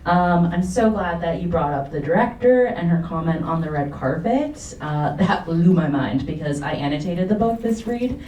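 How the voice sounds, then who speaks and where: A woman's voice: lowish voice, expressive, moderate pace, few pauses, dark tone, a little hiss or hum. A woman moderating a panel discussion after a film screening, casual and upbeat as she reads out prompts. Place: cinema auditorium. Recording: echoey cinema, distant mic.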